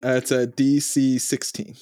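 A man's voice: medium pitch, flat delivery, normal speed, warm tone, dry recording, studio quality. A man playing a tabletop game, casually explaining his moves step by step. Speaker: player.

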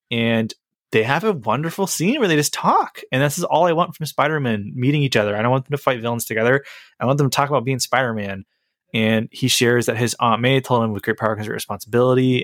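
On a clean studio recording with no room sound, a male podcast co-host chats enthusiastically about a movie, rambling and cracking jokes. His voice is mid-range with a fairly bright tone.

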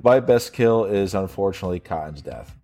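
A man's voice: low-pitched, animated, brisk, mellow. A man co-hosting a casual film review chat, blunt and mocking, swearing freely. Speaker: podcast co-host. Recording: faint synth music behind.

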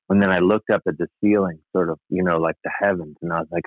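A man's voice: deep voice, steady tone, fast talker, hardly any pauses, dry recording. A man telling a rambling, wry personal anecdote as a podcast guest, full of asides. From United States. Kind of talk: casual anecdote. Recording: thin phone-like sound, dry.

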